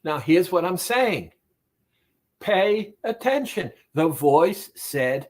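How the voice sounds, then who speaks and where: A man, a therapist, speaking directly to the listener about weight loss in a deliberate, repetitive, emphatic monologue. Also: high voice, expressive.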